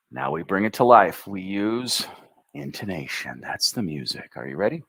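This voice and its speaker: A man with an American accent teaching a livestream English pronunciation lesson, drilling words slowly syllable by syllable with upbeat asides. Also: on the low side, sing-song, fairly bright tone.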